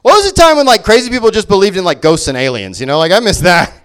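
A man's voice: high-pitched, very animated, fast talker, a bit bright, clear, resonant tone. A man doing a stand-up comedy set, ranting sarcastically with lots of swearing. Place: comedy venue.

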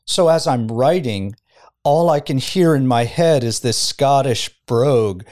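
A man's voice: medium pitch, unhurried, a little mellow. A middle-aged man, a pastor, reflecting in a casual podcast conversation in a studio and often chuckling as he tells a story. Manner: reflective, chuckles while telling stories.

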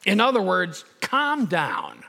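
A middle-aged man preaching a sermon as pastor, emphatic and building to loud peaks. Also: high-pitched, wildly swooping pitch, takes it slowly, gravelly, big-room sound.

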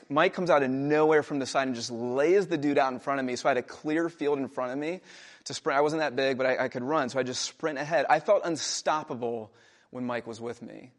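A young adult man, a pastor, preaching a sermon in a conversational storytelling way, raising his voice for emphatic quotations. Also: mid-range voice. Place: church.

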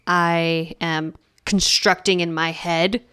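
Smooth-voiced reflective woman. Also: fairly low pitch, level tone, slow, pushed and bright. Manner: thoughtful, reflective. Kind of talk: casual faith chat.

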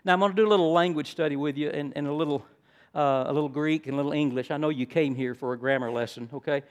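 An older man preaching a sermon, teaching in a friendly way and rising to loud, emphatic stresses. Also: fairly high pitch, fast. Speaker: pastor.

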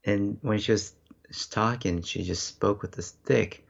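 A man with a low, heavily gravelly voice tells a relaxed story in casual chat. His recording sounds dull and muffled, as if from a cheap microphone. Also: measured pace.

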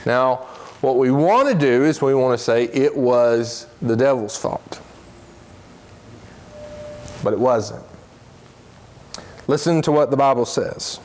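Man, Sunday school teacher, earnest lesson delivery, slows down to stress points, reads scripture quickly. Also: medium pitch. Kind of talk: Bible lesson.

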